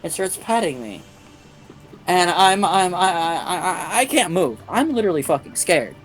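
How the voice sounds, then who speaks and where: A man's voice: high voice, moderate pace, soft background music. A man streaming a game, telling a long anecdote in casual chat, with lots of swearing and voices for the people in his story. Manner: profane, animated anecdote-telling with quoted voices. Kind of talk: casual storytelling while gaming.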